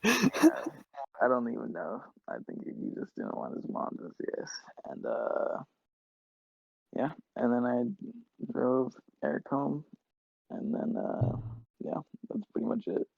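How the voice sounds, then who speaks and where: A man's voice: medium pitch, wildly swooping pitch, takes it slowly, creaky, long pauses, husky, no echo. A young man and podcast co-host telling a long casual story, full of filler words and acted-out quotes. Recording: dull lo-fi podcast mic.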